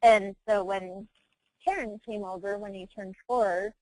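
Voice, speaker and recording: A woman in her thirties, an adoptive mother, telling her family story candidly in a webinar, animated and laughing often as she acts out quotes. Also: mid-range voice, measured pace, no echo, poor audio. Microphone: webinar call mic.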